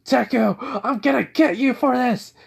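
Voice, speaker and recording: A man voicing a loud, hot-tempered young male rival who shouts and snarls. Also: fairly high pitch, sing-song, moderate pace, husky, voice pushed up, exaggerated voice. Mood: angry.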